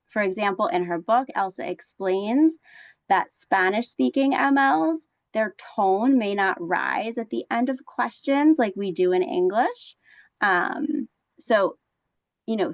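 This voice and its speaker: A woman gives an online teacher-training talk over a video call. Her pitch sits in a middle range, and she explains each point earnestly, with many "um"s along the way. The sound is close and dry, with no room echo. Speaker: teacher trainer presenting a webinar. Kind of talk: online professional development presentation.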